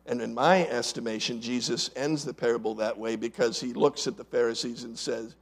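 A man preaching a sermon as pastor, asking his congregation rhetorical questions and swinging between loud emphatic lines and quiet asides. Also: medium pitch, fairly even intonation, brisk, hardly any pauses, breathy edge.

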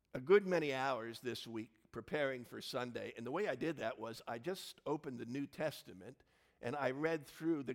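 A male pastor preaches from his church, telling stories with sudden loud exclamations. His voice sits at a middle pitch with a gravelly, creaky texture. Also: big-room sound. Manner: warm storytelling with lively swings into loud exclamations. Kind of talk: sermon.

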